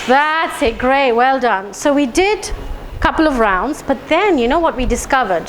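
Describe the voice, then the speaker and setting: Woman speaker, pretty high voice, chatty with the crowd, leads them through tapping lines, faint room noise behind. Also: low-quality recording. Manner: engaging, asks the audience questions; leads guided tapping phrases aloud. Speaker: speaker leading a health talk. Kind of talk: public talk to a live audience. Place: lecture room with an audience.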